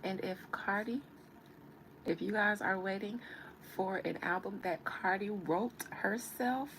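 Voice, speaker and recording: A woman's voice: mid-range voice, a little slow, fairly bright tone, a little hiss or hum, low-quality recording. A woman giving a casual live-stream reading, chatting and teasing as she answers viewer comments. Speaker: tarot reader on a live stream.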